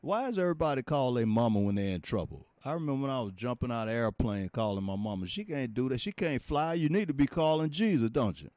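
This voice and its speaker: A man preaching an informal sermon in a folksy, animated way, laughing often and talking straight to his listeners. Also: mid-range voice, fast talker, few pauses, no echo.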